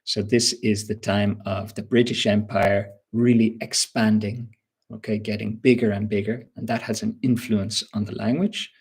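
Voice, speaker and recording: A man's voice: lowish voice, flat delivery, normal speed, a little mellow, slightly rough. A male English teacher giving a live webinar lesson, patiently quizzing viewers and reading out their answers.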